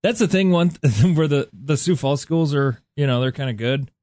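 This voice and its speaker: A man's voice: fairly high pitch, moderate pace, warm tone, no room sound, studio quality. A man co-hosting a radio show, joking and rambling with frequent laughs. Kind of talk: casual morning radio chat.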